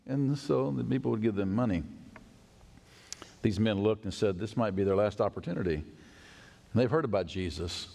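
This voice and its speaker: A male pastor preaching a sermon in a church, animated and acting out the voices of people in the story. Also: lowish voice, normal speed, creaky, pauses often. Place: church sanctuary. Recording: long church hall reverb.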